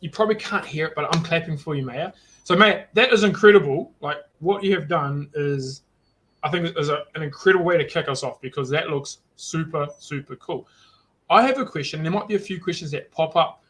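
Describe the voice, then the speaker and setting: An enthusiastic man hosts a live online market for students. His voice is a little husky and sits on the higher side for a man, and he talks in a loose, rambling way, restarting his sentences as he goes. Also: a bit bright, rough recording. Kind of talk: live online event hosting.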